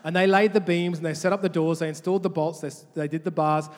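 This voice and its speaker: A male pastor with a fairly high voice preaches to his church, animated and quick to restart his sentences. His words ring out with a long reverb tail in a large church hall. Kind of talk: sermon with call-and-response.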